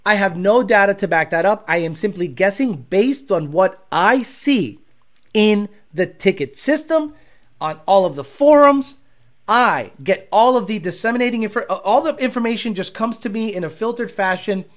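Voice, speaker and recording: A man's voice: high voice, animated, moderate pace. A man hosting a car-tuning talk show, ranting bluntly and profanely with sarcastic asides. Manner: mocks others with exaggerated voices. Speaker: host.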